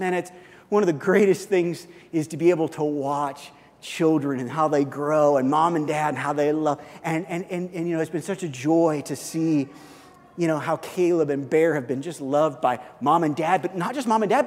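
A male pastor preaching a conversational sermon, often repeating and restarting words, swinging between loud animated bursts and soft hushed stretches. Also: sits high, big-room sound.

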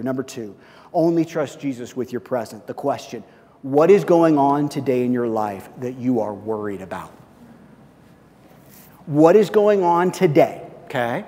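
A middle-aged male pastor preaching a sermon, swinging from loud, emphatic calls to hushed, quiet passages. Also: medium pitch, very animated, moderate pace, long reverb tail, a little hiss or hum.

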